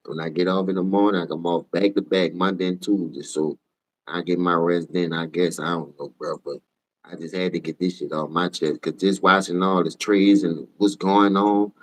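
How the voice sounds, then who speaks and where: A tired man with a New Orleans accent ranting profanely on a casual sports livestream, switching between low mumbles and loud outbursts. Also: fairly even intonation, moderate pace. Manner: profane, heated, jumps between mumbling and shouting.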